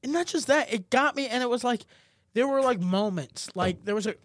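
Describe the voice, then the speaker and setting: A man co-hosting a podcast, retelling an argument in casual chat with animated, heated energy. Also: very high voice, fairly quick, dry recording. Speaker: podcast co-host.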